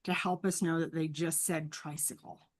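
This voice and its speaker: A woman's voice: sits low, flat delivery, normal speed, no echo. A woman speech-language pathologist, a guest on an interview, explaining in an earnest, teacherly way and often checking in with "right?". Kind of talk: explanatory professional conversation.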